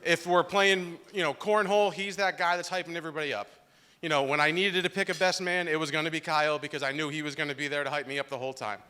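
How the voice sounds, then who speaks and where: A young man with a bright, crisp voice gives a loud, joking wedding toast into a handheld microphone. He tells stories with a slightly emotional edge at a reception hall. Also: a little high, fairly even intonation, fast talker. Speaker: groomsman giving a toast.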